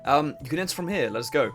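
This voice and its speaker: A young man giving casual, swearing, laughing commentary on a game he plays, and he keeps clearing his throat. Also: a little high, a bit bright. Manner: chatty, swearing, laughs a lot, self-interrupting. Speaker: let's play host.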